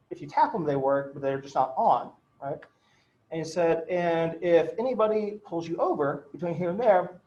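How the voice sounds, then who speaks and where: A man's voice: sits high, dark tone, muffled recording. Chatty man lecturing in an echoey room. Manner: chatty, filler-heavy, swears, checks in with "right?". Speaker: law lecturer. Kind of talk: casual classroom lecture with anecdotes. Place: classroom.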